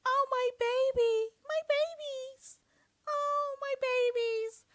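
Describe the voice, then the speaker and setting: A woman doing a mocking impression of a gushing, cooing woman in a giggly falsetto. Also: steady tone, slow, fairly bright tone, exaggerated voice. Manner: breathy, giggly, exaggerated mockery.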